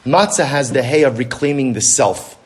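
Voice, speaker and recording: A male rabbi giving an animated religious lecture, full of rhetorical questions. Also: mid-range voice, normal speed.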